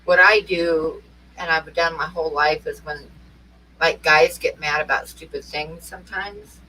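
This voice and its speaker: This middle-aged Oregon woman, a co-host, has a deep, bright, forceful voice with a steady tone and a slightly slow delivery. She tells rambling anecdotes in casual chat and often breaks into laughter. The mic is distant, with faint noise.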